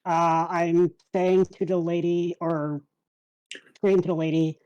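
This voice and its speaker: A woman's voice: fairly low pitch, flat delivery, takes it slowly, dark tone, clear, resonant tone, lo-fi sound. A woman playing a tabletop game who politely describes what her character does. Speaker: player.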